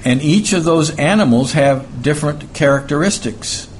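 A man preaching a sermon, deliberate and emphatic, repeating key phrases as he explains scripture. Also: fairly high pitch, expressive, a little hiss or hum.

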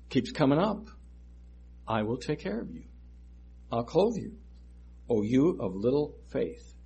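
A man preaching a sermon that teaches through scripture verses, speaking deliberately and repeating phrases for emphasis. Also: mid-range voice, darkish tone, slightly rough.

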